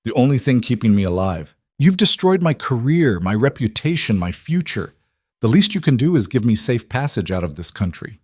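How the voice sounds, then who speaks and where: A man's voice: medium pitch, sing-song, normal speed, darkish tone, slightly rough, dry recording, studio quality. A man voicing a cornered, desperate villain. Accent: foreign accent.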